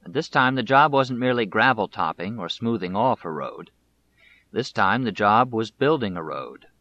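A male audiobook narrator who reads a biography in a measured, deliberate way. His voice has a somewhat low pitch and a bright, forceful tone. The recording is muffled and lo-fi. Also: lively intonation.

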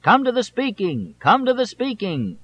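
A man voicing a loud, excited male Texas politician shouting high and strained to crowds, in a slightly dull audiobook recording. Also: a little fast.

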